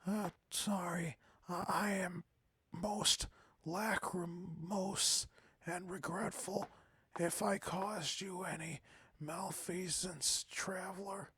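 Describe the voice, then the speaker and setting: A man's voice: sits high, fairly even intonation, slow pace, sharp tone, husky, no room sound, voice pushed up, exaggerated voice. Man voicing a shy, stammering pony author. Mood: apologetic. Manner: timid, stammering, fancy words. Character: shy, anxious female pony author, wordy. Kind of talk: reading game dialogue aloud.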